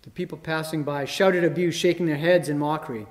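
Male preacher, emphatic, slightly higher voice, recorded in a reverberant church hall. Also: steady tone, a little fast, hardly any pauses. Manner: rising emphasis, dramatic quoted mockery. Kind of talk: sermon.

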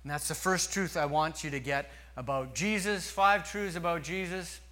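A man preaching a sermon slowly and earnestly, with long pauses. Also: fairly high pitch, steady tone, sharp tone. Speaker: pastor.

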